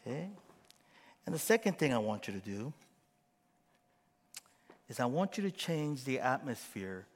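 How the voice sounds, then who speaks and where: A middle-aged man preaching a sermon as pastor, animated and acting out quoted voices with gasps. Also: mid-range voice, long reverb tail.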